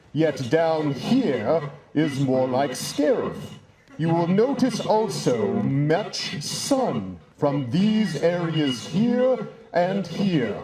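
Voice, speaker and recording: A man delivers a weather forecast in a playful, deadpan way. His voice sits a little high and moves a lot, and he speaks at an unhurried pace. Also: low-quality recording. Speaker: weather presenter.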